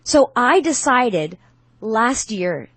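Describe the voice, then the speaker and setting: A woman's voice: a little high, big pitch swings, extremely slow, husky, no echo. A woman in her fifties, a podcast guest, telling stories with animation and acting out quoted voices. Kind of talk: casual conversation.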